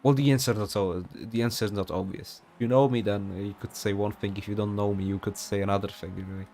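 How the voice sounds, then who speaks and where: A young man calls an online sim race in a loose, chatty, rambling way, full of fillers and side remarks. His voice sits on the lower side. A faint hum runs underneath. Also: fairly even intonation, fast talker, a little mellow. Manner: casual, rambling, many fillers and asides. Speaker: sim racing commentator. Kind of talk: live race commentary.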